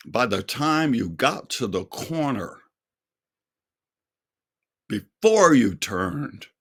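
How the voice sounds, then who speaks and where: Older male singer, slow earnest testimony, low gravelly voice. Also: fairly bright tone. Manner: slow, earnest storytelling with quoted dialogue. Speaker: singer and speaker. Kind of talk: testimony storytelling.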